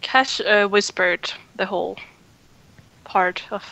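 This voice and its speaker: A woman's voice: medium pitch, slow, creaky, pushed and bright, rough recording. A woman playing a tabletop game, chatting casually about her character. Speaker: player.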